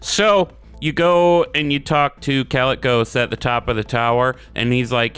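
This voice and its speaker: A man's voice: mid-range voice, normal speed, few pauses, a bit bright, smooth. A man co-hosting a podcast, retelling a story in a laid-back, crude and sarcastic way. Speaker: podcast co-host. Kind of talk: casual chat recapping a game questline.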